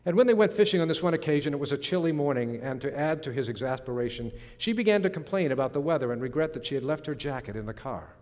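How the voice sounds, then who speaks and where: A man's voice: a little high, expressive, a little mellow. Earnest male pastor in a reverberant church. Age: middle-aged or older. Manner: earnest, slows for emphasis, some restarts. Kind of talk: sermon. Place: church sanctuary. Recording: long hall reverb.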